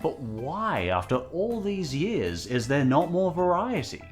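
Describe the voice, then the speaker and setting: A man in his thirties from Australia with an Australian accent, giving scripted narration in a wry, lively way. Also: a little high, a little slow, soft background music. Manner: wry, lively countdown delivery. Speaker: video narrator.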